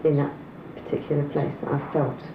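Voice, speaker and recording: A woman's voice: low-pitched, flat delivery, a little fast, roomy sound, narrow, tinny audio, noisy background. A woman with a northern English accent speaking earnestly and bluntly in a documentary conversation. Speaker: interviewee.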